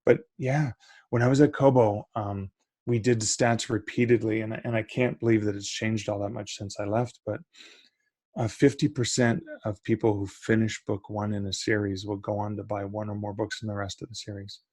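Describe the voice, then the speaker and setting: A man's voice: lowish voice, level tone, moderate pace, a little mellow, dry recording. A middle-aged man, a guest on a podcast, talking casually and eagerly about publishing, often restarting his sentences. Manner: enthusiastic, restarts mid-sentence.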